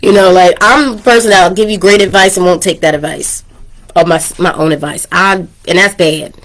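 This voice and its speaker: A woman hosts her own podcast, chatting casually and candidly, laughing often, and coughing a bit as she's slightly under the weather. Her voice is fairly low, steady, and fairly bright, at a normal speed, picked up by a microphone turned down low.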